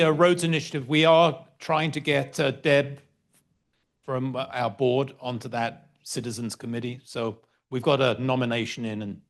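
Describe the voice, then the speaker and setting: A man's voice: on the high side, fairly bright tone. A man chairing a neighborhood meeting, friendly as he introduces the next speaker.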